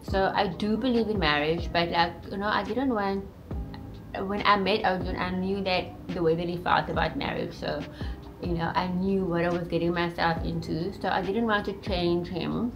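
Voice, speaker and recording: A woman's voice: fairly low pitch, steady tone, normal speed, creaky. A woman from South Africa in casual chat, talking freely with lots of "like" and "you know" and laughing often. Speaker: co-host, partner of the channel host. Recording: background music under the voice. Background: music.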